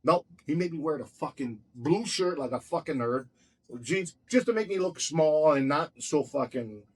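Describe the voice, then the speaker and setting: A man's voice: fairly high pitch, lively intonation, normal speed, slightly rough. A man telling his own stories in a casual chat, blunt, heated and full of swearing. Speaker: storyteller recounting his own run-ins.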